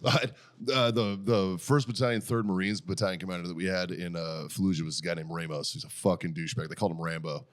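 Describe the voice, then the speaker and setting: Deep-voiced and steady, this middle-aged American man talks fast. As a podcast host he swaps profane stories in casual conversation, laughing a lot as he goes.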